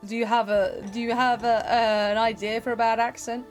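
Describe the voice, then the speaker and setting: A woman's voice: a little high, flat delivery, fairly quick, soft background music. A young woman chatting casually with her viewers while she plays a game, giggling and humming little sound effects. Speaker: game streamer. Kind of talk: casual live-stream chat.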